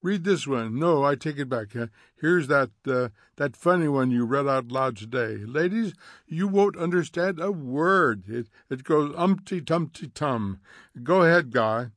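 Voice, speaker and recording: A man voicing a nervous housewife who smooths things over in a falsely bright, higher voice, in a dry audiobook recording. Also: animated, measured pace, dry recording. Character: brittle, chattering housewife.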